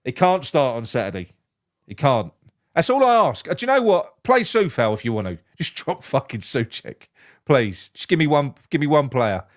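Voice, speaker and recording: A man, co-hosting a casual football chat, excitable and sweary, with lots of stammered restarts. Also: medium pitch, moderate pace. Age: 40s. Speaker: podcast co-host.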